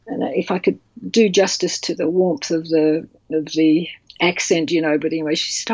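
A woman author telling a personal story in an interview, halting and emotional with many restarts. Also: low voice, flat delivery, a little mellow, slightly rough, no echo. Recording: dull, dry sound.

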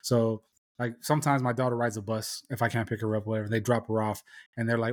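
Profane, animated storytelling man. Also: fairly low pitch, quick pace. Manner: profane storyteller who acts out quoted voices. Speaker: podcast host. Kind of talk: casual chat.

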